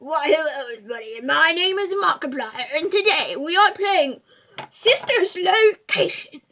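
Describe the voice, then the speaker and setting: Girl doing a screechy over-the-top gamer dude impression, super bright. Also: extremely high pitch, expressive, normal speed, voice pushed up, full character voice. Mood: hammy. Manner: loud, shrieky, jumbled rambling. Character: over-the-top male gaming video host impression.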